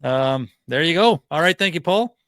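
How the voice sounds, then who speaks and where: A man's voice: a little high, lively intonation, moderate pace, a bit bright, no room sound. A man hosting a comedy podcast in casual chat, laughing often and wrapping up segments. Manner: laughs often, upbeat segment wrap-ups. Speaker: podcast host.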